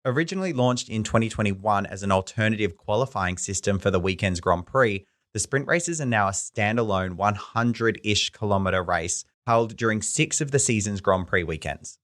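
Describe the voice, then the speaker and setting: Man reading a measured explainer. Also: on the low side, animated, a bit bright. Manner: measured, informative. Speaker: podcast co-host. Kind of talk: scripted explainer read.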